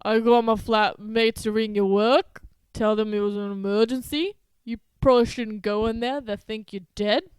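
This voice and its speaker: A woman's voice: fairly high pitch, fairly even intonation, normal speed, hardly any pauses, clear, resonant tone, no echo, natural voice. A woman voicing an awkward young woman from a movie scene in an attempted New Zealand accent. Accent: New Zealand, put on.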